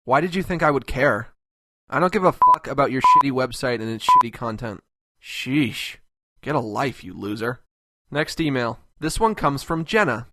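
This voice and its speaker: A man's voice: mid-range voice, wildly swooping pitch, moderate pace, sharp tone, no room sound, studio quality. A man voicing a crude, abrasive cartoon host who answers fan mail with contempt and constant swearing. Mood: contemptuous. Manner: foul-mouthed, contemptuous, ranting. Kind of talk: animated web comedy sketch.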